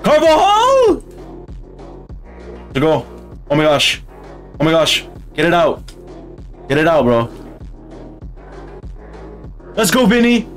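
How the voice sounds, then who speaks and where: A man commentating on his own football game matches, excitable and yelling at the screen. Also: on the high side, unhurried, long pauses, faint music behind. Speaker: gaming channel host. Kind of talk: gaming commentary.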